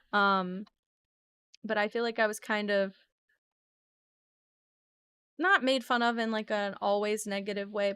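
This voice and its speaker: A woman's voice: mid-range voice, a bit bright, clear, resonant tone, dry recording. A woman streamer chatting casually and earnestly with her viewers, emotional and rambling with many fillers. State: emotional, near tears. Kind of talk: casual live-stream chat.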